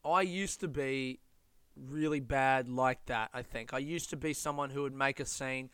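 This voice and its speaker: A young Australian man telling stories in a casual monologue, animated, laughing and swearing as he goes. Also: medium pitch, measured pace, clean tone, no echo, studio quality.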